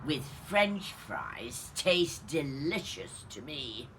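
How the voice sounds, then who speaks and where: A woman reading aloud and voicing a hungry, boastful male dragon in a storybook, speaking deep, slow and gloating. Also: very animated, background noise, heavily acted.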